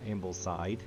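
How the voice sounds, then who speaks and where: A man reviewing a puzzle game, thinking aloud in let's-play commentary with musing asides and restarts, with game music playing behind. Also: low voice.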